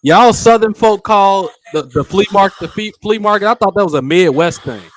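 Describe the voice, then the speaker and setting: A man's voice: high-pitched, normal speed. A man hosting a casual talk show, joking and teasing the people around him. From western United States. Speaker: host. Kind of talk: casual chat.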